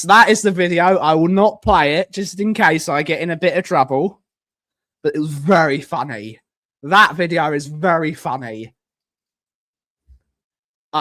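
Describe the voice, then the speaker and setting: A man chats casually on his live stream, wandering from thought to thought. He repeats his lines and cracks jokes, and his voice sits a little on the high side. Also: a bit bright. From United Kingdom. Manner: rambling, repeats himself, jokey.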